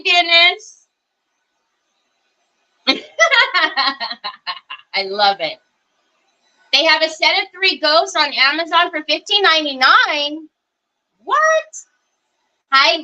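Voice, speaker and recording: A woman with a fairly high, very bright voice hosts a live crafting session. She talks at a slow, easy pace, thinking aloud as she works and greeting viewers one by one. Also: expressive, dull audio. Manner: chatty, greets viewers by name while working. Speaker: craft livestream host. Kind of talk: casual live crafting chat.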